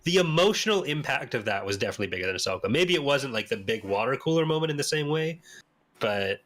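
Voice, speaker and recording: Animated Canadian man chatting on a podcast. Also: fast. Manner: animated, laughs often, jumps up in pitch when arguing. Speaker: podcast host. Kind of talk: casual podcast chat.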